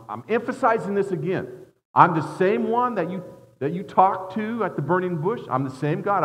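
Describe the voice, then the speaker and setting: A man preaching a sermon as a guest preacher, earnest, dropping his voice low and rising for emphasis, often repeating words as he builds a point. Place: church sanctuary. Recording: dull sound in a long-reverb hall.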